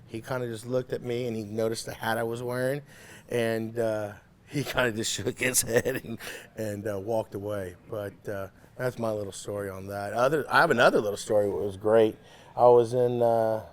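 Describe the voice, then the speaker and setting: A man who is a competition pitmaster, telling anecdotes at a relaxed pace in a casual interview, often pausing on "uh". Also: lowish voice.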